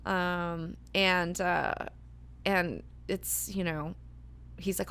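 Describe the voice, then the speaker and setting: A woman's voice: lowish voice, unhurried. A woman hosting a book club discussion, talking casually with many fillers and frequent swearing. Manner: chatty, filler-heavy, swears freely.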